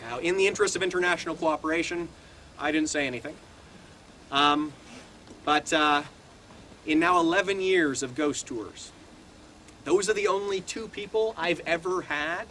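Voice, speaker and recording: Chatty tour guide outdoors. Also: male voice, a little high, rough recording. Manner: chatty, wry storytelling with chuckles. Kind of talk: storytelling to a tour group. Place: outdoors at a historic fort. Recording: outdoor recording with steady background noise.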